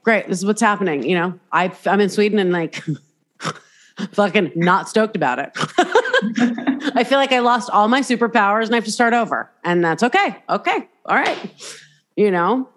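A woman's voice: mid-range voice, animated, normal speed. A woman hosting a podcast in casual chat, talking candidly, swearing freely and acting out voices as she tells stories. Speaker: podcast host.

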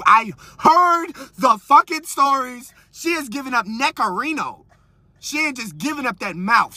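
Bright-voiced man ranting on a podcast. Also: high voice, dry recording. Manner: crude, animated, keeps asking rhetorical questions. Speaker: podcast host. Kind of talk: casual comedic rant. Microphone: podcast mic.

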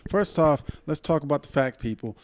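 A young Puerto Rican man co-hosting a podcast tells a story in a heated, animated, profane way, his voice fairly high and his pace brisk. The sound is dry and close, with no room sound, and the chat is casual.

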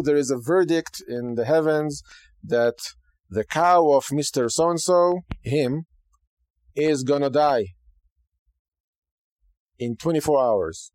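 Here a man with a mid-range voice, recorded dry, teaches Judaism casually on a podcast. He's animated and conversational, frequently tossing in "okay" and "right."

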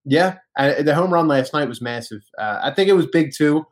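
A man's voice: fairly high pitch, animated, moderate pace. A man co-hosting a casual sports podcast, talking in an opinionated, conversational way with frequent fillers. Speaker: podcast co-host.

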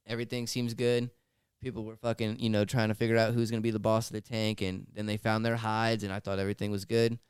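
Give me a laid-back, swearing man with a very clean, smooth voice telling a story on a podcast. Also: lowish voice, level tone, fast talker, hardly any pauses, no room sound, clean studio sound. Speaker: podcast co-host. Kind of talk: casual chat, storytelling.

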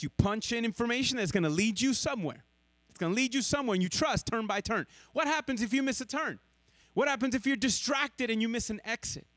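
Animated, high-pitched male preacher. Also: no room sound. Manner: dynamic preaching, swinging between loud emphasis and hushed lows. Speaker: pastor. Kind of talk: sermon.

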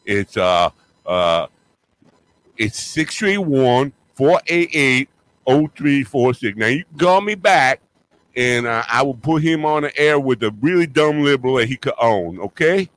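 A man voicing a brash, loudmouthed Southern prank caller who boasts and stumbles over his words. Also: mid-range voice, animated, unhurried, pitched above the performer's own voice. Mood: blustering. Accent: put-on American Southern. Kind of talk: prank phone call.

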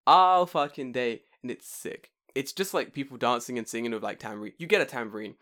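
A young British man telling a story in casual chat, swearing freely and acting out other people's voices. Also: brisk. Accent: British English. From Britain. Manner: animated, swearing, acts out voices with big pitch jumps.

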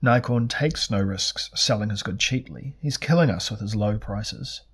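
A man voicing a smooth-tongued merchant who speaks in a placating way. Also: fairly low pitch, normal speed, fairly bright tone.

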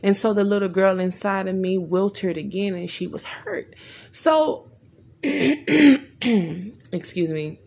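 Speaking slowly in a mid-range, darkish voice with gravelly fry, a woman earnestly and emotionally recounts her experience in therapy. Her storytelling is candid and heartfelt, recreating conversations in simple language while she keeps stumbling and restarting.

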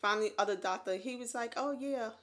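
A woman in her thirties co-hosting a podcast, telling her own story in casual chat, animated and laughing often. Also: on the high side, fast. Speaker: podcast co-host.

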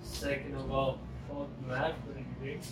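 A man's voice: mid-range voice, level tone, normal speed. Blunt, swearing man on a podcast. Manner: blunt, swearing, dry storyteller. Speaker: podcast regular. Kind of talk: casual chat. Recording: echoey room with clear noise, far mic.

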